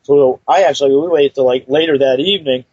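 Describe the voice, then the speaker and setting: A man's voice: medium pitch, quick pace, darkish tone, slightly rough, no echo. A man telling a personal story in a casual, rambling way, with many fillers and restarts. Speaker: guest storyteller. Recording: dull lo-fi recording, dry.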